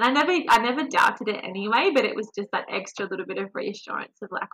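A young woman, a podcast guest, telling her birth story in a warm, animated, emotional way. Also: mid-range voice, fast, hardly any pauses, slightly rough, poor audio.

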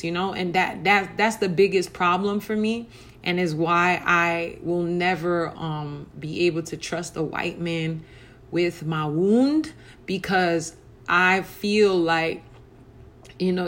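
A woman with a somewhat low voice hosts a solo podcast. She speaks her mind bluntly, with curses and rising heat. Her delivery stays casual, full of "you know" and "um". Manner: blunt and profane, heated; conversational with frequent fillers. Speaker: podcast host. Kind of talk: personal opinion monologue.

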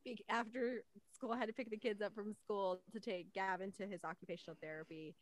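A woman's voice: medium pitch, fairly even intonation, fairly quick. A woman hosting a podcast, telling chatty family stories and laughing often. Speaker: podcast host. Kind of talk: casual chat.

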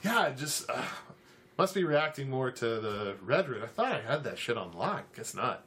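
A man voicing a nervous, evasive young man who speaks in halting bursts, in a tabletop game. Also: mid-range voice, big pitch swings, a bit bright, a little hiss or hum, pitched below the performer's own voice. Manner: hesitant, halting delivery full of uhs.

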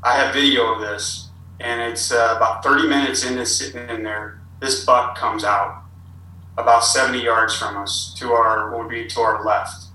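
A man's voice: medium pitch, fairly even intonation, moderate pace, pushed and bright. A man telling a long, rambling hunting story as a podcast guest. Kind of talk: casual storytelling. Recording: roomy, distant with faint ambience.

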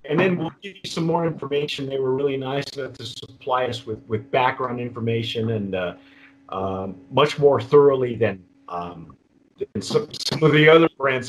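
A man's voice: medium pitch, moderate pace. A man from Texas hosting a casual tasting chat over a video call, rambling with many restarts and fillers. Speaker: host.

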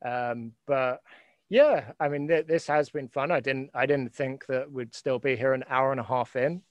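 A man hosts a casual live chat with friends, his voice sitting at an ordinary middle pitch. He rambles and restarts, and the sound is dry and close. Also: steady tone, moderate pace, dry recording, dull audio. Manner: rambling, many fillers and restarts. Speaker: host.

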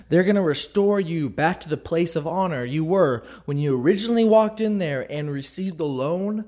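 A man's voice: high-pitched, animated, moderate pace, a little mellow. Candid man telling a faith story. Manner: candid, acts out quoted dialogue; reflective, openly vulnerable. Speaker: Christian speaker.

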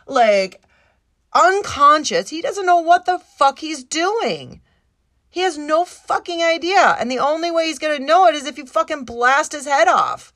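Woman podcast host, high voice, emotional and profane, rambling monologue. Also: a bit bright, no echo. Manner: swears constantly, impassioned and rambling; emotional, near tears at times. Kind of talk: casual solo podcast monologue.

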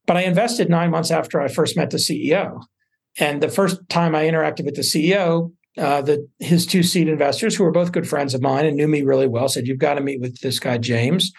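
A man speaks in an easygoing interview, his voice gravelly with a husky edge. He tells stories loosely, with fillers and restarts along the way. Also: fairly high pitch, a little fast. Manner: relaxed storytelling with fillers and restarts. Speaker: guest, venture investor. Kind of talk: casual interview talk.

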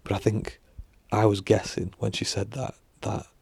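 A man's voice: on the low side, level tone, moderate pace, darkish tone, no room sound. A man talking to camera in a casual rambling monologue, musing with lots of fillers and restarts and casual swearing. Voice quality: gravelly, husky. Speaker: vlogger.

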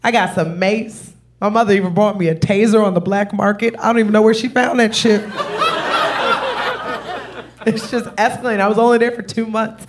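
A woman comedian telling a brash, profane, animated story on stage. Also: mid-range voice, normal speed, heavy background noise. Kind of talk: stand-up storytelling. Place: live comedy show.

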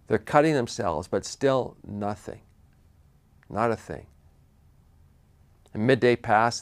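A man preaching a sermon, retelling a Bible story with animated asides and frequent restarts. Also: on the low side.

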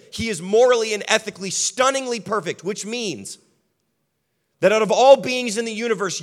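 A man delivers a sermon with a voice on the higher side for a man. He hammers points through repeated lists and then drops low and quiet to stress a line. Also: in a large hall. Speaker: pastor.

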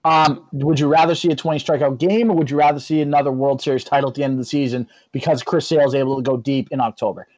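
A young man, co-hosting a casual sports chat, lively and teasing. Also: mid-range voice, quick pace, hardly any pauses. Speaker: co-host. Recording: dry, dull lo-fi sound.

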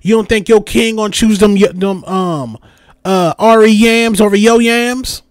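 Young guy going off on a podcast rant, kinda high voice, dry close sound. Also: a little slow, no echo. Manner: animated, repeats catchphrases, mimics voices. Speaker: podcast host.

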